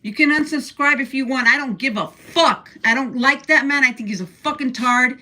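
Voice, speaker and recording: Older woman, livestream host, blunt profane ranter, slightly high voice, at-home mic sound. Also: moderate pace, sharp tone. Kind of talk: casual livestream rant. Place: room at home.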